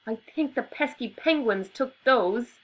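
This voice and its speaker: A woman's voice: lively intonation, unhurried, a bit bright, dull audio. A woman doing a flustered little boy Albie. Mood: pleading. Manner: high, stammering when flustered. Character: excitable young boy, flustered.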